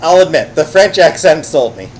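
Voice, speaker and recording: A man's voice: on the high side, expressive, normal speed, a crowd in the background, rough recording. A man playing a video game on his channel, reacting wryly and swearing casually. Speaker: let's play host. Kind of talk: casual gameplay commentary.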